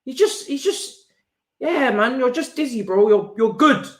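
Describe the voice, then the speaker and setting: A man's voice: extremely high pitch, lively intonation, measured pace, fairly bright tone. A man hosting a live football watch-along, ranting in exasperated slang. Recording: roomy echo.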